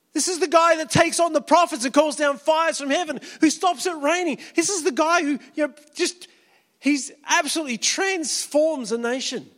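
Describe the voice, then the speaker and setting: A man's voice: very high voice, a bit bright, long reverb tail. A man preaching a sermon as a pastor, telling Bible stories in a casual, chatty way and acting out the quotes. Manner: casual, storytelling, acts out quotes.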